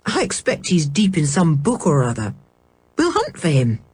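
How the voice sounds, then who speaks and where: A woman's voice: sits low, wildly swooping pitch, moderate pace, a little mellow, breathy edge, full character voice. A woman reading a storybook, voicing a cheerful, sensible older boy. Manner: cheerful and reasonable.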